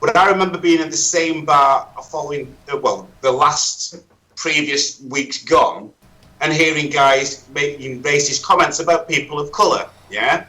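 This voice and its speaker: A man's voice: fairly high pitch, unhurried, sharp tone, poor audio. A man speaking as a podcast guest, frank and emphatic in casual conversation. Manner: emphatic, opinionated.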